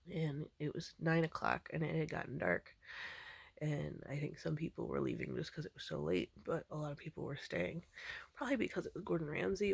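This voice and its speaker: A woman casually recounting a dream she had, rambling with many ums and restarts in a low-key way. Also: dry recording. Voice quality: gravelly vocal fry.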